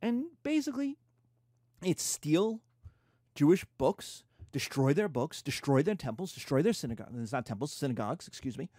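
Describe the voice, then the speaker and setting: A man's voice: fairly high pitch, sing-song, moderate pace, dark tone, no room sound, clean studio sound. A man giving a casual, irreverent history lecture, acting out quotes in slangy voices.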